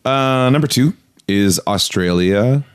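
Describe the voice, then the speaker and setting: A man's voice: medium pitch, expressive, unhurried, clear, resonant tone. Rambling, joking male podcast host. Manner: joking, rambling, with restarts and laughs. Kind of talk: casual chat.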